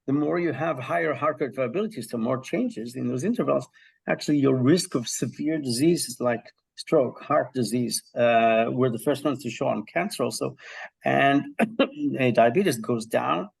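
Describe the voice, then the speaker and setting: Gravelly-voiced man, lively storytelling guest. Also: mid-range voice, normal speed. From Israel. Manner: animated storyteller, frequent ums and restarts. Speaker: guest, health psychology professor. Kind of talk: conversational interview answer.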